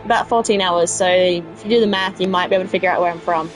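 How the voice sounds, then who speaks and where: A woman's voice: fairly low pitch, fairly even intonation, fast talker, faint music behind. Chatty South Australian woman gaming. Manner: chatty, rambling, answers live chat. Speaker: let's play streamer. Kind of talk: casual gaming chat with viewers.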